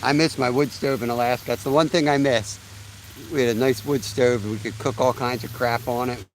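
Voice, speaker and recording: A man's voice: medium pitch, steady tone, a little fast, a little hiss or hum, low-quality recording. A man in his thirties hosting a live fishing stream outdoors by a creek, chatting in a laid-back way and laughing often. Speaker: fishing livestream host. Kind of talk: casual live-stream chat.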